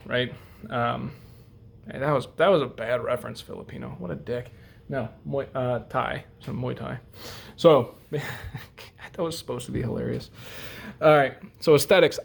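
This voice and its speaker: A man's voice: medium pitch, gravelly. A young man hosting a casual knife review vlog, rambling with lots of fillers and joking at his own expense. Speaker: host.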